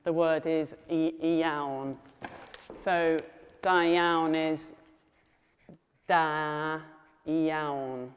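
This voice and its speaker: A woman who tutors Welsh, saying words slowly and patiently and asking learners to repeat them back. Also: deep voice, fairly even intonation, in a large hall, a little hiss or hum. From England. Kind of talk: teaching Welsh pronunciation to learners.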